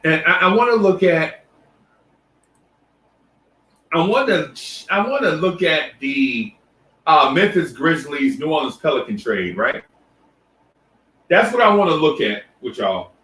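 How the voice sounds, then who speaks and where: A man hosts a casual live stream, greeting viewers one at a time and talking loosely, with lots of restarts, fillers, and repetitive shout-outs. His voice is on the high side and animated, a little slow with long pauses. He sits back from the mic in an echoey room, recorded from a distance.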